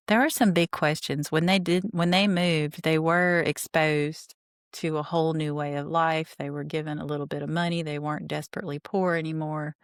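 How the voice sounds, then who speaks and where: A woman's voice: low voice, clear, resonant tone, no room sound, studio quality. A woman hosting a podcast, giving chatty, indignant commentary on a reality TV rewatch. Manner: chatty, indignant, recaps scenes and reads quotes aloud. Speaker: podcast host.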